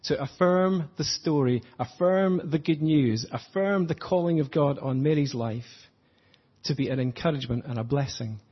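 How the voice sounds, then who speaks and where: Man, preacher, sermon, earnest, reflective, slightly high, husky voice, dull lo-fi sound. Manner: earnest, reflective, slows for emphasis.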